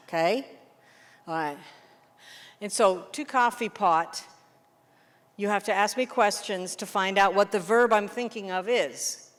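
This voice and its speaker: A woman English teacher leading a workshop, explaining classroom games in an animated way and checking in with the room often. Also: a little high. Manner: lively, animated teacher, quick questions to the room. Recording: long reverb of a hall.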